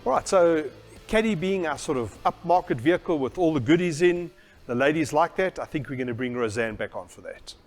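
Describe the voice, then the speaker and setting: Enthusiastic male host, animated intonation, light music bed. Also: a little high, brisk. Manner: upbeat, questioning, enthusiastic. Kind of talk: promotional interview.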